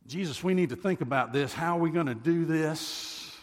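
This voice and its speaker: A man's voice: a little high, normal speed, pitched above the performer's own voice, close to an everyday voice. A worried, pleading disciple, as a male preacher puts him on in a sermon. The voice rises a little above the preacher's own, fretting, with a long reverb from a large hall. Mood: fretful. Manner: fretful, pleading.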